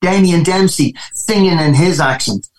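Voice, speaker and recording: Irish musician guest, male, Dublin accent, lively anecdotal delivery with restarts, raised pitch. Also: moderate pace, rough recording. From Ireland. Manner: animated storytelling with many restarts. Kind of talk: casual interview chat.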